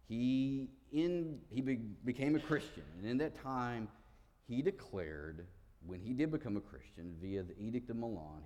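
A man's voice: fairly low pitch, mellow, in a large hall. A man preaching a sermon, teaching with emphatic stresses and playful asides.

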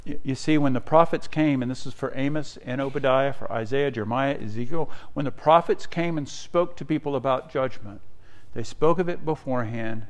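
A man's voice: medium pitch, fairly quick, hardly any pauses. A middle-aged male pastor giving a sermon in a conversational, storytelling way, tossing in asides to the congregation.

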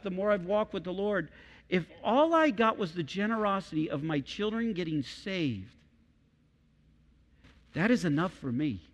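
A middle-aged man preaching a sermon as pastor, emphatic and repeating key phrases for weight. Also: sits high. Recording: long hall reverb.

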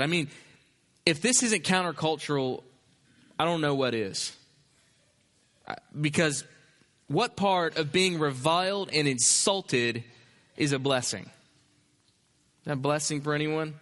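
A man's voice: medium pitch, fairly bright tone, long reverb tail. A male pastor preaching a sermon, emphatic, with repeated phrases and rhetorical questions.

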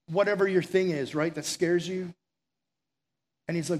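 High-voiced casual preacher man. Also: steady tone. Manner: casual storytelling, acts out quoted voices, drops to soft and slow near the end. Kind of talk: sermon.

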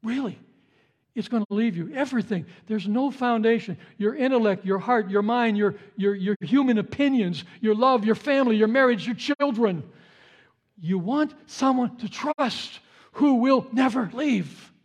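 A man preaches with a notably high-pitched voice. He talks in a relaxed, conversational way, telling stories and repeating key phrases for emphasis. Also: moderate pace. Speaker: pastor. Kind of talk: sermon.

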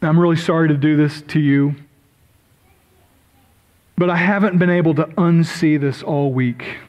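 A man's voice: on the high side, steady tone, measured pace, a little mellow, rough recording. A middle-aged male pastor preaching a sermon, chatty and self-deprecating, apologizing often and breaking into asides.

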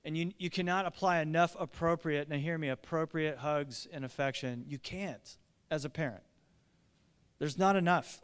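A middle-aged man, a pastor, preaching a sermon in an earnest, urgent way with lively asides. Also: a little high, normal speed, clear, resonant tone. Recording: long reverb of a large hall.

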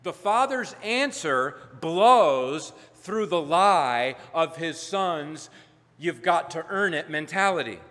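A man preaching a sermon as pastor, emphatic, building to loud peaks and dropping low. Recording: long hall reverb.

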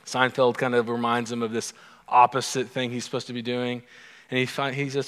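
A male pastor at a mid pitch preaches in a relaxed, conversational way, slipping humorous stories into his sermon. His voice rings out with a long reverb, as if he is speaking in a large church sanctuary. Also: fairly quick, smooth.

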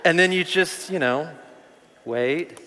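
A man's voice: on the high side, slow pace, a little hiss or hum. A man preaching a sermon as pastor, talking conversationally, repeating words and rising with emphasis. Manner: conversational, animated preaching with repetitions. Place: church sanctuary. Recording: long reverb of a large hall.

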